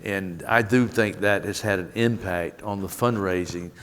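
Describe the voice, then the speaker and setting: A man's voice: low voice, fairly bright tone, slight background noise. Folksy man with a Southern accent. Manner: folksy and earnest, with quick quoted asides. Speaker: guest, head of an aid agency. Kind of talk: public onstage conversation.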